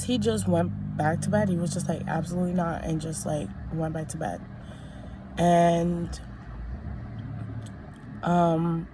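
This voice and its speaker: A woman's voice: sits low, a little mellow, a little hiss or hum. A young woman telling a personal story in a casual vlog, chatty and rambling with many fillers and restarts. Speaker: vlogger.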